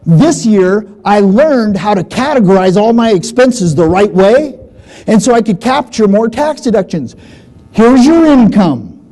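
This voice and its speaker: Man, seminar speaker, high voice, mellow tone, folksy, repeats himself for emphasis. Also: normal speed, poor audio. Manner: storytelling, animated, acts out dialogue. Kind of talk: live seminar talk to an audience.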